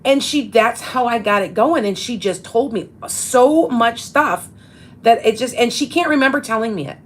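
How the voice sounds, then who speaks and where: A woman's voice: a little high, normal speed, poor audio. A woman in her fifties, a psychic medium hosting a casual live show, talking in a rambling way with many restarts. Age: 50s. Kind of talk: casual live-stream chat.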